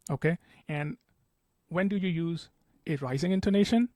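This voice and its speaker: Man, patient test-prep tutor, slightly high voice, dry close sound, lots of "okay". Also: mellow, dry recording. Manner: patient, repeats example sentences slowly, frequent "okay". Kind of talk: explanatory tutorial.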